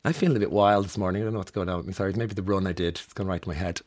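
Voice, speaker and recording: Male morning radio host, slightly low and husky, wry and chatty. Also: fairly even intonation, quick pace. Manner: chatty, wry, laughs through stories. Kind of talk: morning radio news chat.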